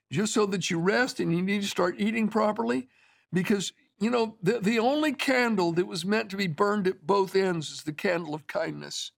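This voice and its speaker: A man's voice: high-pitched, creaky. A man preaching a sermon in a conversational, storytelling way, often restarting his phrases.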